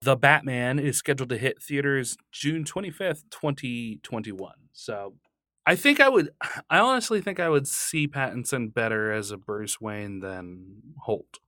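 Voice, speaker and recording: A man co-hosts a podcast in loose, casual chat, laid-back and quick to laugh, tossing in the odd swear word. His voice sits in a middle range. The studio sound is close and dry. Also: medium pitch, expressive, pushed and bright, no room sound. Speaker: podcast co-host. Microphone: studio mic.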